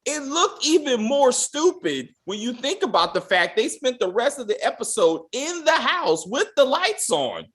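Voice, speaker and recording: A man's voice: very high voice, very animated, moderate pace, few pauses, fairly bright tone. A young man co-hosting a casual recap chat, ranting with profanity and acting out mock quotes. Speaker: podcast co-host.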